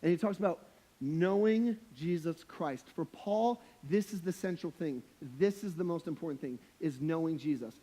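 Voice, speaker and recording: A young man with a high voice preaches a sermon to his church. His delivery is casual and slangy, like chatting with friends, with humorous, emphatic punches. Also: normal speed, mellow. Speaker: pastor.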